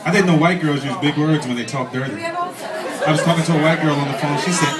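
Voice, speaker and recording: Crude male comedy host, loud echoey club. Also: fairly high pitch, far from the mic. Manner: crude, fast joking. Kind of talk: stand-up comedy hosting. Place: small comedy club stage. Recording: echoey club heard from afar, loud crowd and noise.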